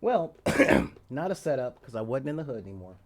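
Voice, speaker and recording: A man in his forties telling a story in a loose, rambling way, often laughing and acting out the quoted lines loudly. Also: medium pitch, very animated, normal speed. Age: 40s. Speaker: podcast host. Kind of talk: casual storytelling.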